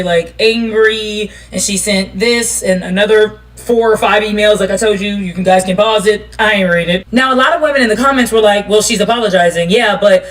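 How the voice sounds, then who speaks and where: A woman telling a story in an animated, blunt and profane way. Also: mid-range voice, distant mic. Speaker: storytime commentator.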